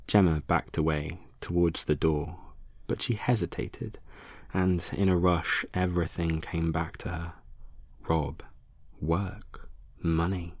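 A man reads a dark erotic story in a deep, gravelly, unhurried voice that slips into hushed near-whispers. The close mic gives a dry, dead sound with a husky edge. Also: no room sound. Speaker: narrator. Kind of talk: erotic horror audiobook narration.

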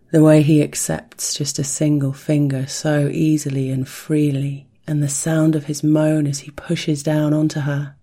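A storyteller giving an intimate audio story narration in a soft, hushed voice that slips into whispers, softly chanting a rhythmic heartbeat sound. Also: mid-range voice, vocal fry, slightly rough.

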